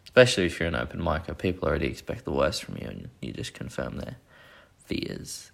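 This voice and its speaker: Low, gravelly young man. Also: big pitch swings, fairly quick. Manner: rambling, profane, self-deprecating. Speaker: podcast host. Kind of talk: casual solo chat.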